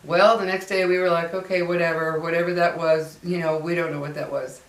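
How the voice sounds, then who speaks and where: A middle-aged woman tells a personal ghost story casually, chatty and rambling, with plenty of fillers and restarts. Her fairly low voice is brisk and steady in tone, recorded with a roomy sound from a distant mic.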